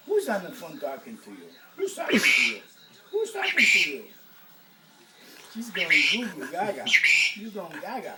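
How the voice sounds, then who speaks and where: A woman's voice: lowish voice, huge pitch swings, normal speed, pauses often, a loud crowd. A woman talking to her pet parrot in a sing-song baby-talk voice in a home video. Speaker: pet owner. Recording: distant home camera with loud background noise.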